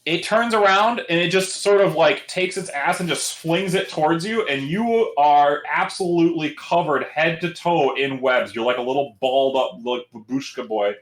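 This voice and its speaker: A man's voice: fairly high pitch, normal speed, hardly any pauses, a bit bright, roomy sound. A man running a tabletop game as dungeon master, narrating in a casual, chatty way with profanity and fillers.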